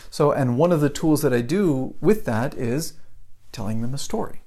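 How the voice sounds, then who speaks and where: A man's voice: medium pitch, expressive, normal speed, mellow. A man in his forties, an English teacher, chatting through a live-streamed lesson and often asking "right?". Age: 40s.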